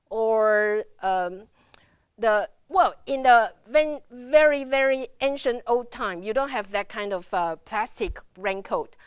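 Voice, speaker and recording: A woman's voice: on the high side, clean tone, no room sound, studio quality. A woman teaching Chinese pronunciation in a university lecture, sounding out tones syllable by syllable in English with a Taiwanese Mandarin accent. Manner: models tones slowly, syllable by syllable.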